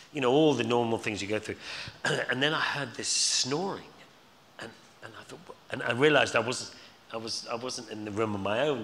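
On a stage in a hall before an audience, a man appearing as a guest at a live Q&A tells rambling anecdotes, restarting often and repeating words. His voice is fairly low, pushed and bright, with a little hiss or hum. The recording has live hall reverb and faint ambience.

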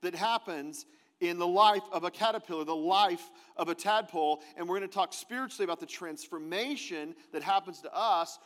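A male pastor with a fairly high voice preaches in a relaxed, conversational way, stopping to quiz his congregation. His voice rings through a church sanctuary with a long reverb tail. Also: a little fast. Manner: conversational, asks the congregation questions. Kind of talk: sermon.

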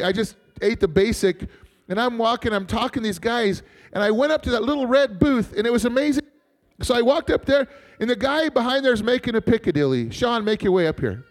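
A male pastor from Montana telling a personal story in a sermon, chatty and joking, calling on the congregation to answer. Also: high-pitched. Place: church.

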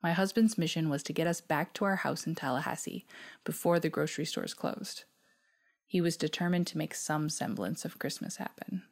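A woman from Newfoundland reads her own personal reflection aloud in a low voice. Her delivery is soft, measured and reflective, sometimes sinking almost to a whisper.

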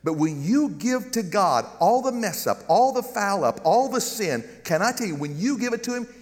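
Here a middle-aged guest preacher with a Southern American accent gives a funny, energetic sermon, pausing for calls of amen. He is high-pitched and moderately paced, and his words trail off in long reverb through a large church with a balcony.

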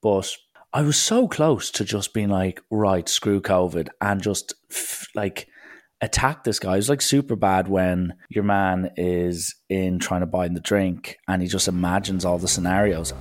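Deep-voiced young Irish man telling a story. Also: unhurried. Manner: animated, acts out other people's lines in shifting voices. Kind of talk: casual anecdote monologue.

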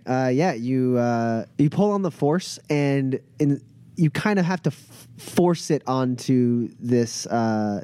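A man narrating as game master of a tabletop role-playing game, describing scenes with many filler pauses. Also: medium pitch, mellow, dry recording.

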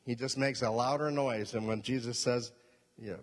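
A man's voice: medium pitch, moderate pace. A male pastor preaching a sermon, emphatic, repeating key points and asking the congregation questions. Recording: long reverb of a hall.

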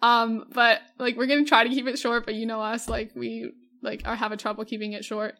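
A woman's voice: fairly high pitch, little pitch movement, fairly quick, fairly bright tone. A young woman co-hosting a casual podcast, talking in a gushing, enthusiastic way with lots of fillers. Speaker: podcast co-host. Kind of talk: casual chat.

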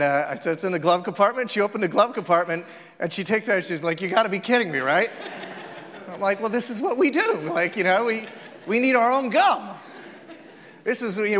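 A man preaching a sermon as a pastor, in a conversational, joking way with quick acted-out asides. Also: very high voice, a bit bright. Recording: long hall reverb.

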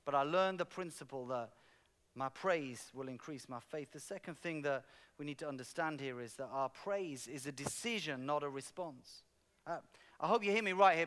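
A man preaching a sermon as a pastor, telling a personal story and building to loud, passionate emphasis. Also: high voice, animated, moderate pace, clear, resonant tone. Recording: long hall reverb.

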